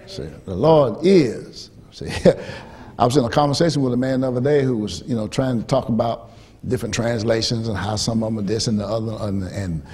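A man preaching a sermon as pastor, repeating key phrases and swinging from hushed storytelling to rising, emphatic shouts. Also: medium pitch, a little fast, husky.

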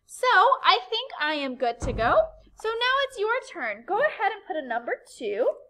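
A woman's voice: very high-pitched, very animated, moderate pace, pushed and bright, rough recording. A woman teacher giving a recorded writing lesson to young children, upbeat and encouraging, asking the class questions.

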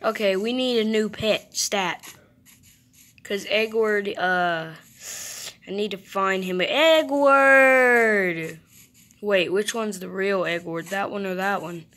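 A woman's voice: medium pitch, steady tone, a little slow, fairly bright tone. A young woman giving chatty, playful gameplay commentary, talking to the animals in her game. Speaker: gamer.

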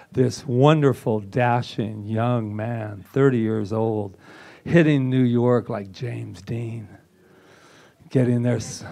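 A man's voice: mid-range voice, darkish tone. Theatrical male reverend telling a story. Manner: theatrical, self-mocking, acts out quotes. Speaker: reverend presenting at a spiritual center. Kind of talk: animated storytelling talk.

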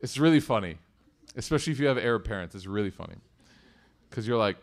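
Male community speaker at mid pitch, telling a story, animated with hushed asides. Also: a little fast, long pauses. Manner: animated storyteller, swings between loud emphasis and hushed asides. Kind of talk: storytelling talk to a congregation.

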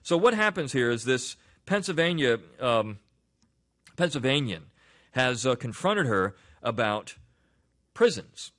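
A man's voice: medium pitch, very animated, measured pace, fairly bright tone. A man hosting a weekly review show, talking casually and rambling with restarts and asides. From Delaware. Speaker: podcast host. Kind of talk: casual spoken commentary.

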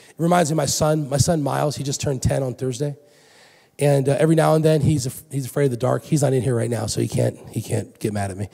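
A middle-aged man preaching a sermon as pastor in a church, animated, swinging from loud emphatic lines to soft hushed ones. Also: medium pitch, creaky. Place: church sanctuary. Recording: long hall reverb.

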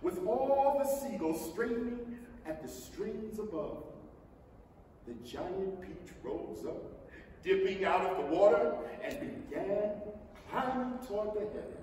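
A man giving a theatrical staged reading of a children's novel, with an animated storytelling manner. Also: high voice, slow pace, a little hiss or hum. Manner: animated, theatrical storytelling with shifting character voices. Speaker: reader. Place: theatre stage before an audience. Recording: echoey hall, mic far off.

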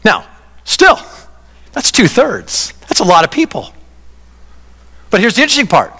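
A man pastor giving a conversational, animated sermon in a church. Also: high voice, normal speed, breathy edge. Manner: conversational preaching, animated, acts out quoted voices. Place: church sanctuary. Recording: reverberant church hall.

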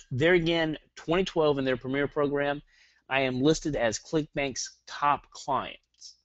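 A man with a Southern accent presenting a live online marketing webinar, energetic and hyperactive, firing rhetorical questions at his audience. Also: fairly high pitch, slow pace, dry recording, muffled recording.

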